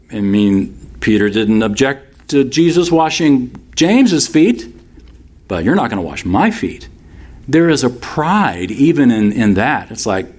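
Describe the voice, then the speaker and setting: A man preaching a sermon, reading scripture aloud and explaining it in a conversational, expository way. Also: medium pitch. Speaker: pastor.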